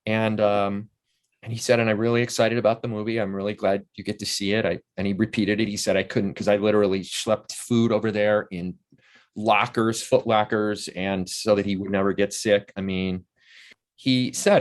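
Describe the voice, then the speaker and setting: A low-voiced man, a guest on an interview, is an actor and playwright telling stories casually at a normal speed. He performs animatedly, acting out the voices of those he quotes.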